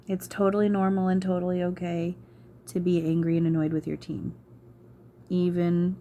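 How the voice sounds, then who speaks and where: A woman's voice: lowish voice, darkish tone, slight background noise. A woman channeler talking to camera in an emotional vlog, frustrated, sighing and swearing. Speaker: spiritual channeler.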